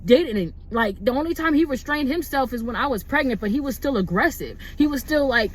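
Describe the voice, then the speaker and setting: Young woman telling a storytime, high voice, rambles a lot, lots of "like" and "bro". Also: expressive, a little fast. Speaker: vlogger. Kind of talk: casual storytime.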